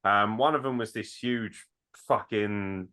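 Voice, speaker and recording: Male podcast host, bright voice, loose sweary chat. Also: fairly low pitch, slow. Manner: loose, swears freely, laughs often. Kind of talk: casual interview chat.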